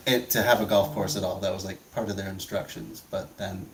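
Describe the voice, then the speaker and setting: A man's voice: deep voice, steady tone, brisk, recorded from a distance, poor audio. A man hosting a casual stream, chatting and laughing while watching a video, often searching for words. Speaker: stream host.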